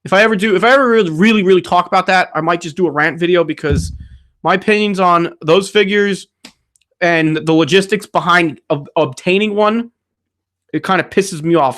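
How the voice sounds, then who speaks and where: His voice sits high and a bit bright, and he talks a little fast. Hosting a casual Q&A livestream on a streaming setup mic, this channel host rambles, swears, and rants while reading viewers' questions.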